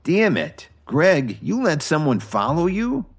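A man's voice: medium pitch, very animated, a little slow, faint music behind, pitched above the performer's own voice. A man voicing a cruel, sneering male gang boss in a story reading. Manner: snarling, scoffing.

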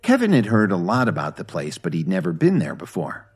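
A man reading a story aloud in scripted narration, steady and even. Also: low-pitched, brisk, breathy edge, soft background music.

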